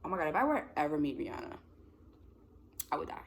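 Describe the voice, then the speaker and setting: A woman's voice: deep voice, fast, pauses often. A young woman in her twenties chatting casually to camera, rambling with lots of "like" and frequent laughs. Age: 20s. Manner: rambling, animated, full of "like" and laughs. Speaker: vlogger. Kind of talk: casual chat.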